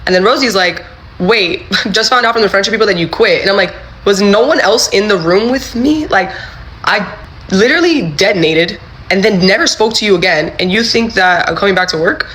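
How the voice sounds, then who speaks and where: A young woman telling her story in casual talk, animated, swearing and acting out what others said. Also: mid-range voice, brisk, poor audio. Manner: animated, acts out quotes, swears.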